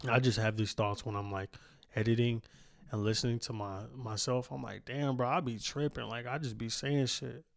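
This casual podcast outro comes from a young man in his home studio, speaking at normal speed in a creaky, steady voice of medium pitch. Profane and rambling, he pokes fun at himself and laughs often into a studio microphone.

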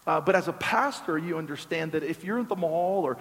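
A man's voice: fairly high pitch, brisk, vocal fry, a bit bright. A man preaching as a pastor, telling a story conversationally with joking asides and repeated words. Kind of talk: storytelling sermon. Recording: long reverb of a large hall.

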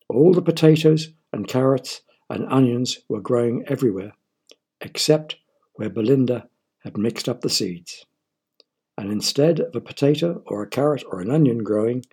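A man narrating a children's story in a playful, engaging way, pausing to ask his young listeners questions. His voice is husky and breathy, sitting at an ordinary middle pitch for a man. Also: mellow.

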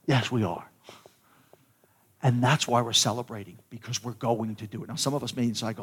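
A man's voice: medium pitch, fairly even intonation, brisk, long pauses, fairly bright tone, slightly rough. Man preaching a conversational sermon. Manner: conversational storytelling with repetitions and restarts. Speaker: pastor.

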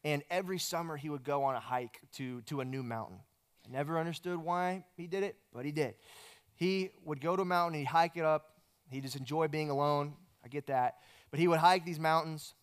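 A man preaching, his voice sitting a little high and coming through smooth and clear. He tells a long story in a relaxed, conversational way, often restarting on a repeated word. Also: a little fast. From United States. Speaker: pastor. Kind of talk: sermon.

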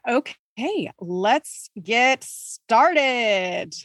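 A woman's voice: fairly high pitch, expressive, extremely slow, a bit bright, no echo, studio quality. A woman hosting a live-streamed audio drama reading, introducing the cast with jokes and then narrating the scene. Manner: upbeat, joking, runs the show. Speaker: host and narrator.

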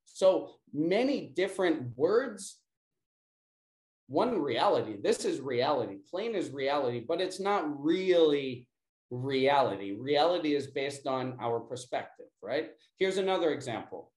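A man leading an interactive class and then a guided breathing exercise, talking deliberately and often checking in with "right?". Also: fairly high pitch, sing-song, darkish tone. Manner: slow, deliberate, repeats key words and checks in with "right?". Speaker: workshop instructor. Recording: roomy echo.

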